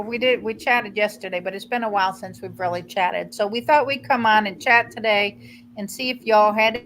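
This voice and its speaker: A woman's voice: a little high, fairly bright tone, low-quality recording. Woman, middle-aged, chatty live-stream host, faint hum. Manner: chatty, a bit scattered, talks to viewers. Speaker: vlog host. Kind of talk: casual live-stream chat. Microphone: computer mic on a live stream.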